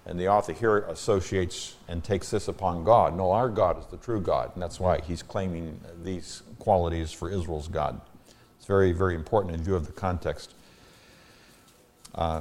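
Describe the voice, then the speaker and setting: Bible teacher, deep low male voice, emphatic scripture reading with plain asides. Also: steady tone, a little mellow. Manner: reads scripture with strong emphasis on key words; explains as he goes in plain, unhurried asides.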